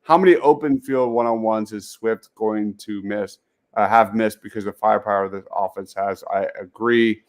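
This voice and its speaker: A man's voice: lowish voice, steady tone, moderate pace. A man hosting a casual sports talk show, reading out viewer comments and laughing easily. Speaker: podcast host.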